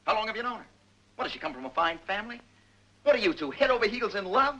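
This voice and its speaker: A middle-aged actor playing a tough, stubborn police captain who presses hard and talks forcefully. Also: male voice, high voice, animated, muffled recording, exaggerated voice. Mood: interrogating. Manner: forceful, pressing, rapid interrogator.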